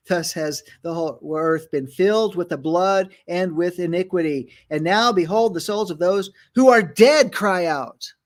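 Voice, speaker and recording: A man hosting a Bible teaching show, thinking aloud with many fillers and restarts and reading scripture aloud. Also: high voice. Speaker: ministry host and Bible teacher. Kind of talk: conversational Bible teaching on a broadcast.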